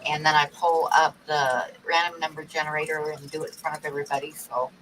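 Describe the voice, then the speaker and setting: A woman's voice: low voice, flat delivery, quick pace, fairly bright tone, distant mic, slight background noise, poor audio. A woman hosting a livestream in casual chat, reading out viewer comments and telling jokes. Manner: chatty, tells jokes with a put-on pirate growl. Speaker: livestream host.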